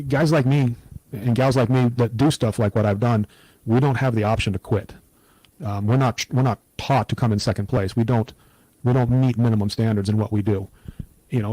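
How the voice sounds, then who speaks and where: Earnest middle-aged man, dark mellow tone. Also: mid-range voice, no echo, poor audio. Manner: earnest, reflective, steady storytelling. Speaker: interview guest. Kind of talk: personal testimony in an interview.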